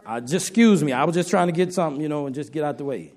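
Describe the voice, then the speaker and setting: High-voiced preacher man, folksy and joking. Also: very fast, a little mellow. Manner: folksy, humorous, addresses congregation directly. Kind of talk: sermon.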